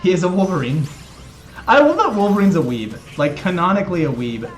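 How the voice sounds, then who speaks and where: A man's voice: high-pitched, big pitch swings, fairly quick, faint music behind. A man streaming a video game, chatting casually with his chat and joking about his exercise punishments. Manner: chatty, joking, self-mocking.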